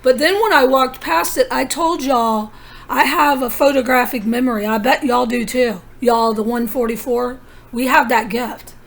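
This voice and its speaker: A woman's voice: high voice, normal speed, creaky. A woman vlogging in a rambling personal monologue, telling her story in an urgent, conspiratorial way with many asides.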